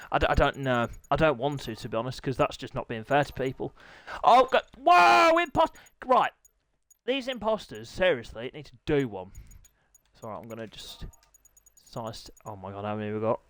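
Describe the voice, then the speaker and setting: A young man hosting a racing game live stream, excitable and jokey, with squealing high bursts of excitement. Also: brisk, no echo. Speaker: race commentator and stream host.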